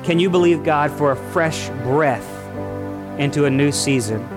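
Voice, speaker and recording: A man's voice: a little high, unhurried. A passionate male pastor preaching a sermon to a congregation. His voice sits a little above the usual male range, and faint music plays in the background. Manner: passionate, rhetorical questions. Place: church service with congregation.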